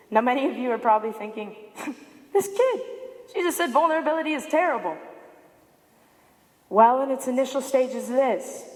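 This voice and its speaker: Young woman giving a speech in a hall. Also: on the high side. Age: young adult. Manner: storytelling with lively acted-out quotes. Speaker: student speaker. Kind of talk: prepared symposium speech.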